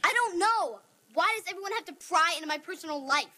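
A woman's voice: extremely high pitch, lively intonation, fast talker, bright, forceful tone, heavily acted. An actress playing a moody young teenage girl who talks back with sarcasm. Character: moody young teen girl, junior high.

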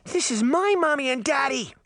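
A demented little girl with a high, shrill, sing-song voice, as a man reads her in an audiobook. She shrieks and lilts, her voice swooping all over. The recording is dry and close. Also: animated, normal speed, gravelly, fairly bright tone, dry recording, heavily acted. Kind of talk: audiobook character voice.

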